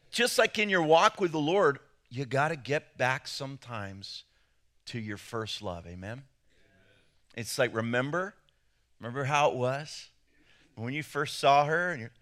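A middle-aged male pastor delivers a joking sermon, acting out the voices of the people he quotes. His voice sits fairly high and bright, and it rises and falls widely. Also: sing-song, unhurried, long pauses.

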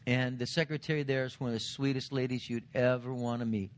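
A middle-aged senior pastor preaching a sermon, earnest, building to emphatic points and dropping quiet for stress. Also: male voice, steady tone, fairly quick. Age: 40s or older. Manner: earnest preaching, rising to emphatic lines then dropping low.

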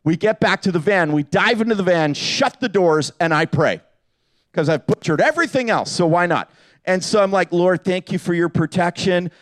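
Animated high-voiced man telling stories. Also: normal speed. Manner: animated, jokey, acts out quotes with voices. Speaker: pastor. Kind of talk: humorous sermon storytelling. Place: hall with live audience.

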